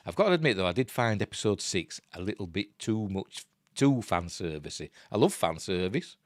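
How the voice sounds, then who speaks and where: Animated Yorkshire man reading geek news. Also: low-pitched, moderate pace, no room sound, clean studio sound. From Yorkshire, England. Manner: chatty and digressive, breaks off into asides. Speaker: live-stream news host. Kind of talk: casual live-stream commentary, reading news aloud.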